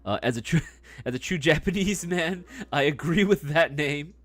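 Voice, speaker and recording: A young man hosts a casual live stream, tossing off answers to chat with a loose, laughing, swearing manner and a lot of bro. His voice sits a bit high for a man and swings widely in pitch. Faint music plays quietly behind him. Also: animated, normal speed. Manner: laid-back, swears freely, laughs often, says bro. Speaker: livestream host answering chat.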